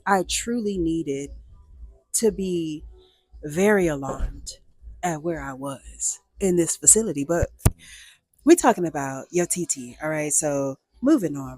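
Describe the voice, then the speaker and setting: A young woman telling a casual, animated storytime, full of slangy asides to her listeners. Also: fairly low pitch, no room sound.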